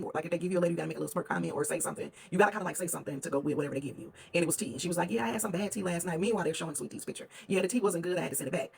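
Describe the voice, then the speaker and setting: Fast-talking gossipy recap host. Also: medium pitch, vocal fry. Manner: gossipy, fast-talking, quotes cast members in quick asides. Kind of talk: casual chatty recap.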